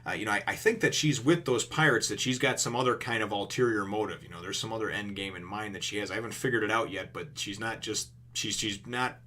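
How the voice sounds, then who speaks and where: Male reviewer, lower pitch, bright edge, loose filler-heavy recap delivery. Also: quick pace, hardly any pauses, slight background noise. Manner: rambling, filler-heavy, with many "you know"s. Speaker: manga reviewer. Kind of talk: casual chapter recap.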